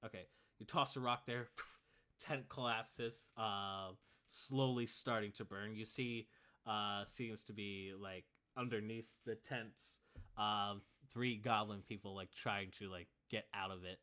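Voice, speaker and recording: A man's voice: on the low side, steady tone, unhurried, pushed and bright. A man narrating as game master of a tabletop game, laid-back and full of fillers.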